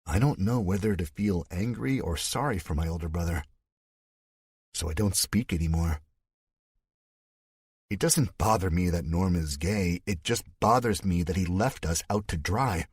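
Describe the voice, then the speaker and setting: A man narrating a thriller audiobook in the first person, with a steady, measured delivery. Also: sits low, slightly rough, no echo, clean studio sound.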